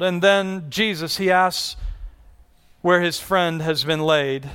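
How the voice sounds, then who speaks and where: A man's voice: high voice, unhurried, sharp tone, clear, resonant tone. A man in his thirties giving a conversational sermon as a pastor in a large church, often repeating words as he restarts a thought. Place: large church hall with congregation.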